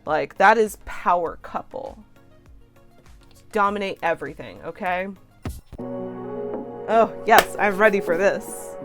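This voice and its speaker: A woman hosting a reaction video, gushing and excitable, swearing freely and trailing off into fillers. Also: mid-range voice, takes it slowly, long pauses, music in the background. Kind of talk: casual reaction commentary.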